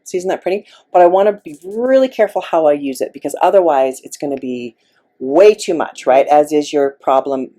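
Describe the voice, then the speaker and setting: A middle-aged woman working as a makeup artist, giving gentle, coaxing instructions to a client during a tutorial. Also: low voice, fairly quick. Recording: faint background noise.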